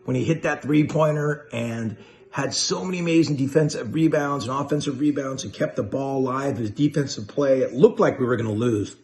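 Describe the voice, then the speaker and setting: Chill guy hosting a casual chat, mid pitch, easygoing and upbeat, lots of slang. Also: brisk, a little mellow. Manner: laid-back and enthusiastic, full of slang and praise. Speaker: host of a chat video.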